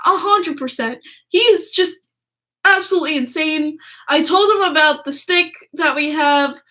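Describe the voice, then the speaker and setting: A woman hosting a podcast, telling a story in a gushing, excitable way, laughing a lot and swearing freely. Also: high voice, unhurried. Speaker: podcast host. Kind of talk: casual storytelling chat.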